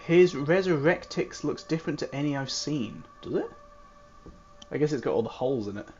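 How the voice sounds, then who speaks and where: A man's voice: a little high, lively intonation, a little fast, darkish tone, muffled recording, soft background music. A man in casual game commentary, musing aloud and muttering to himself as he plays. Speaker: gamer.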